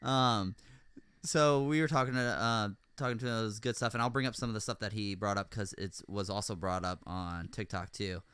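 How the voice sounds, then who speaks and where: Bright, smooth-voiced man telling a story. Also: on the low side, normal speed, no echo. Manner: rambling, many fillers and restarts, animated when ranting. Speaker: podcast host. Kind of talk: casual chat recounting a story.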